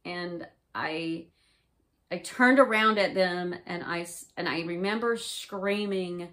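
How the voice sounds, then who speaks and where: Woman vlogger, slightly low pitch, loose and rambling storyteller who swears freely. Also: takes it slowly, bright, forceful tone. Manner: rambling, profane, filler-heavy. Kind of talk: casual first-person recounting.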